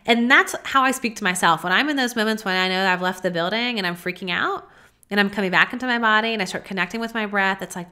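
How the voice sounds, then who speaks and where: A woman hosting a solo podcast from her home office, coaching listeners in a gentle, casual way with plenty of "like" and "you know.". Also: mid-range voice, fast talker. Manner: gentle, coaching, speaks softly when modeling self-talk. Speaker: podcast host. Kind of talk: solo podcast monologue on mindfulness.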